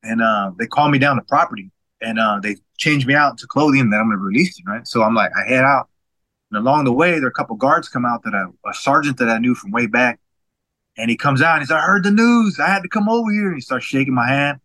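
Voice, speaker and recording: A man in his forties tells a personal story at a brisk clip, his voice bright and ringing. He stammers and restarts, then jumps into the voices of people he quotes. The sound is dry and close-miked, with faint music underneath. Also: mid-range voice, dry recording, low-quality recording. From Washington State, USA. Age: 40s. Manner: animated, acts out others' quoted lines, frequent stammered restarts. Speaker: guest.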